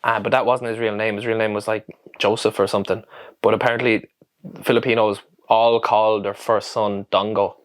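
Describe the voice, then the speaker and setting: Swearing Irish podcast co-host. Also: male voice, fairly low pitch, level tone, moderate pace. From Ireland. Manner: swearing anecdotal storyteller, laughs a lot. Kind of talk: casual chat.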